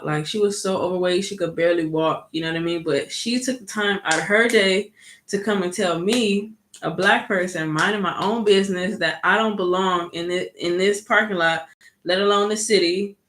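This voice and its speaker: A woman's voice: fairly low pitch, moderate pace, a bit bright, slight background noise. A woman vlogger telling a story in a casual, chatty way, full of "like" and "you know". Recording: echoey room.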